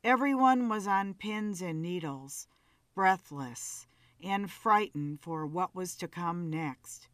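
A woman narrating a story in a measured, dramatic reading. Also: fairly low pitch, fairly bright tone, no room sound.

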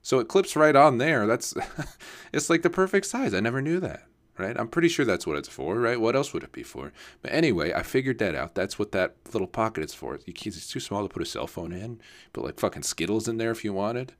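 A man's voice: on the low side, very animated, brisk. A young man telling a casual story, rambling and swearing with lots of fillers and restarts.

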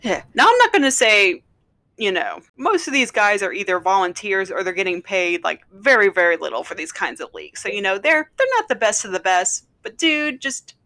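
A woman's voice: medium pitch, big pitch swings, normal speed, pushed and bright. Casting: woman podcast co-host, mid-range voice, wry recap style. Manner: wry, recaps and comments with sarcasm. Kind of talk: casual chat.

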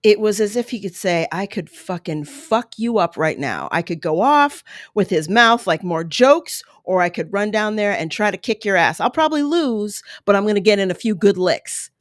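A woman's voice: mid-range voice, expressive, normal speed, no echo, studio quality. A woman commenting earnestly on a video clip for her viewers, emotional and apologetic in her asides. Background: baby making noises.

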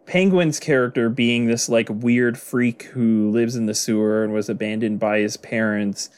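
A man's voice: mid-range voice, steady tone, normal speed, darkish tone, clear, resonant tone. A man co-hosting a podcast, chatting casually about films, musing aloud and hedging with lots of "like" and "I feel like". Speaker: podcast co-host. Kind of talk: casual film discussion.

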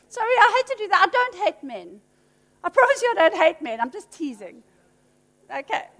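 A woman preaching a sermon, emphatic and teasing with playful asides. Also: extremely high pitch. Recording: long hall reverb.

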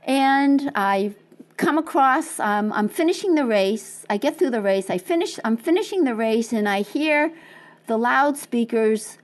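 A high-pitched woman tells her story in an interview, acting out each exchange. She laughs often and her voice swings widely up and down as she talks. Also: expressive, measured pace. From Quincy, Massachusetts. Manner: acts out dialogue, laughs often. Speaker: interview guest, marathon runner. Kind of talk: animated storytelling.

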